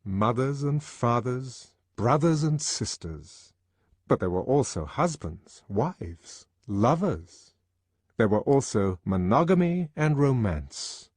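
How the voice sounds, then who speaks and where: Male audiobook narrator, lively delivery, slightly husky, dry close sound. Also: mid-range voice, takes it slowly, no room sound. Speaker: audiobook reader.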